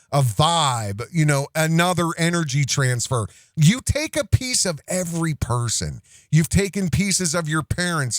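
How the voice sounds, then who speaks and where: A man's voice: a little high, no room sound, clean studio sound. A man hosting an online commentary show, talking in a rambling, self-interrupting way with many restarts and asides. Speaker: host.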